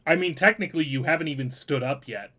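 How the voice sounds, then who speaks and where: A man's voice: a little high, quick pace, sharp tone, slight background noise. A man narrating as game master of a tabletop game, in a wry, teasing way.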